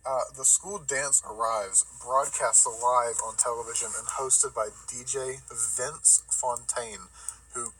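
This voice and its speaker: A man's voice: mid-range voice, fairly even intonation, slow pace, bright, forceful tone, slight background noise, poor audio. A man co-hosting a podcast, recapping a movie plot between dry, wry remarks. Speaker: podcast co-host. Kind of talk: casual chat and plot recap.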